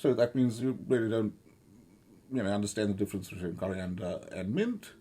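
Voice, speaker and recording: Man, middle-aged, commentary monologue, sardonic, hesitant fillers, husky, fairly low voice. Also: mellow. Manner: halting, full of fillers and restarts, sardonic. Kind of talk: rambling spoken commentary.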